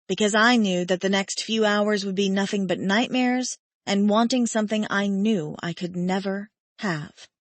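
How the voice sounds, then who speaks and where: A woman narrating a first-person romance audiobook in an intimate, unhurried way on a close studio mic. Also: medium pitch, no echo.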